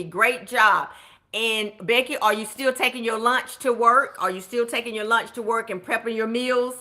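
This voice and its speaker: Woman, budget coach, clear bright tone, chatty live stream, encouraging. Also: mid-range voice. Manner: chatty, encouraging, cheers viewers on by name. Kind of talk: live-stream coaching, reading viewer comments.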